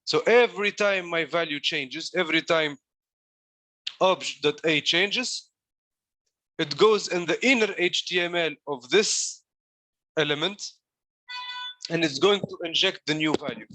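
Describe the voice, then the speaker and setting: Man, coding coach, fairly high voice, dry close sound, step-by-step live demo. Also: measured pace, pauses often, bright, forceful tone, no echo. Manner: step-by-step explaining while demonstrating.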